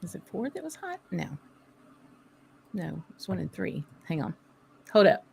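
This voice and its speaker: A woman's voice: on the low side, very animated, unhurried, vocal fry, darkish tone, slight background noise. A woman with a Southern American accent hosting a casual whisky tasting chat, thinking aloud and laughing often. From southern United States. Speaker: host.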